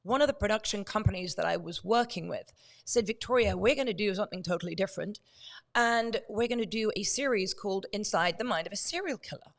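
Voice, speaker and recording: A woman guest on a talk show, telling a story in a lively way and acting out the dialogue. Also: medium pitch, a little fast, creaky. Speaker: guest, true crime author.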